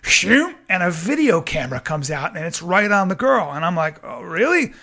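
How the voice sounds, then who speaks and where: Excitable male storyteller, high and gravelly, stammers and does the voices. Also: moderate pace. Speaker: comedian guest. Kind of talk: animated comic storytelling.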